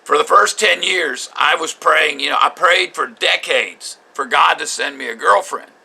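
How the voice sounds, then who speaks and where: An older man recounting his marriage in a bitter, halting spoken journal, with frequent restarts. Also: on the high side, creaky, bright, forceful tone, husky.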